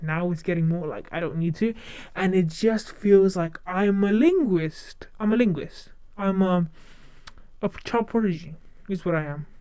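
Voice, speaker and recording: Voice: medium pitch, a little mellow, clear, resonant tone, dry recording. A streamer chatting casually to viewers, whose first language is not English, rambling and often repeating and restarting phrases. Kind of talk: casual chat.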